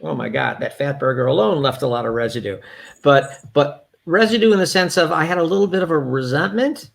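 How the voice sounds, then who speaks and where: A man talking candidly as a yoga therapist, restarting his sentences as he goes. His voice sits fairly high for a man, with a gravelly, fry-laden texture. He sounds conversational and unscripted. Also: a little fast. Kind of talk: casual conversational interview.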